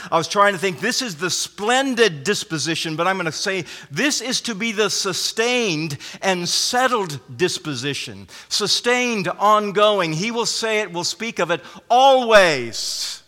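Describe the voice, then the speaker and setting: A man's voice: sits high, bright, forceful tone. A man preaching a sermon as pastor, earnest and emphatic, often restarting his phrases. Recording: long hall reverb.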